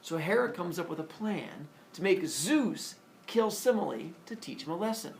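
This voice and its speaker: Playful male teacher storytelling to a class; lively pitch, distant and roomy recording with faint hiss. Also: normal speed, gravelly. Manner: animated, playful, acts out characters. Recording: echoey classroom from far off, faint noise.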